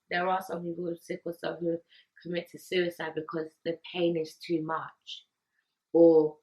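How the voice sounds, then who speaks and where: A young woman from the UK talking earnestly and emotionally to camera, pausing often and repeating words. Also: low voice, rough recording. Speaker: vlogger. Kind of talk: personal talk to camera.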